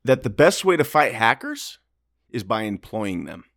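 A man's voice: medium pitch, sing-song, moderate pace, creaky, a bit bright, no echo, studio quality. A man hosting a podcast, talking in a mock-serious, sarcastic way about the news. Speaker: podcast host. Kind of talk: sarcastic political comedy chat.

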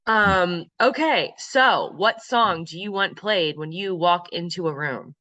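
A podcast host asking quick, playful questions in a casual chat, curious and swearing freely. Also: medium pitch, pushed and bright, dry recording.

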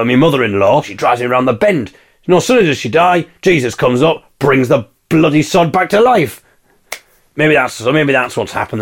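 A man from England hosting a podcast, delivering a wry, mock-indignant comic monologue and singing snatches of carols. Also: mid-range voice. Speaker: podcast host.

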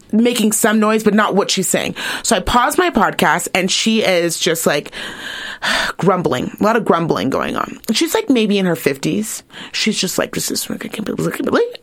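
A young woman co-hosts a chatty podcast and tells a story with lots of energy and plenty of swearing. Her voice sits a little on the high side. She slips into the voices of the people she quotes as she goes. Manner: animated, profane, acts out quoted people. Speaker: podcast co-host. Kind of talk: casual storytelling chat.

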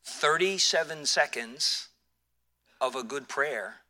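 Older male preacher, high and very bright, storytelling sermon with lots of restarts. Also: slow. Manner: storytelling, animated with repeated restarts. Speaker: pastor.

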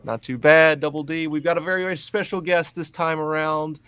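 A man hosting a casual podcast interview, chatty and enthusiastic, greeting loudly and joking with his guest. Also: a little high, steady tone, brisk, clear, resonant tone. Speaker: podcast host.

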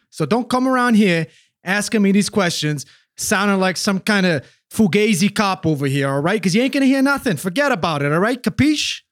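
A man's voice: sits high, no echo, studio quality. A man voicing a defensive, swearing, streetwise male witness with a South Jersey accent. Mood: defiant. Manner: swearing, tough-guy slang, cagey.

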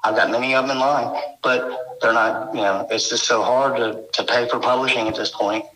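A man's voice: mid-range voice, steady tone, normal speed, fairly bright tone. Guy telling his story all worked up, rambly, lots of you-knows, echoey room. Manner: rambling, intense, full of "you know". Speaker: guest recounting encounters. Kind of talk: emotional first-person storytelling.

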